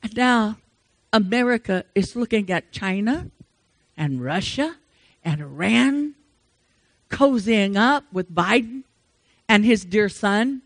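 An older woman preaching a sermon with emphatic rhetorical questions, swinging between loud rises and soft drops. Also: medium pitch, expressive, slow, pauses often, dry recording.

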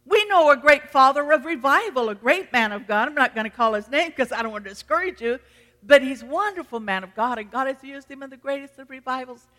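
Woman preacher, sermon delivery, sharp bright tone, emphatic repetition, long church reverb. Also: sits high, animated, a little fast. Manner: emphatic, repeats phrases for force.

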